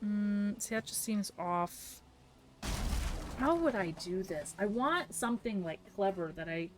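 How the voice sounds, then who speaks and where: A woman's voice: mid-range voice, animated, unhurried, a little hiss or hum. A young Southern woman live-streaming a building game, chatting with viewers and muttering her thoughts aloud, sleepy and giggly. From American South. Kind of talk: casual live-stream chat while building.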